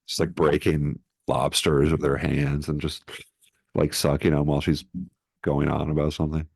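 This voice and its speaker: A man's voice: a bass voice, little pitch movement, normal speed, gravelly, no echo. A man co-hosting a film podcast in casual comedic chat, rambling and laid-back on a close mic. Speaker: podcast co-host.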